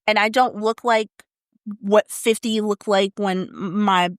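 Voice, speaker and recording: A woman in her fifties co-hosts a podcast in a candid way and laughs easily. Her pitch sits in the middle. The recording is dry, with no room sound. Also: fairly even intonation, slow, clear, resonant tone, no echo. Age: 50s. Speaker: podcast co-host. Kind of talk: casual chat.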